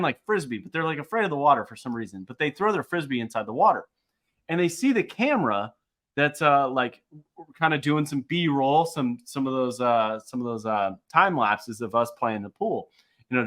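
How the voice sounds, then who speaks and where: Guy cohosting a podcast, gets worked up and swears a lot, mid-pitch voice that jumps high when he's riled. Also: expressive, normal speed, a bit bright. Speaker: podcast co-host. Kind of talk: casual chat, storytelling.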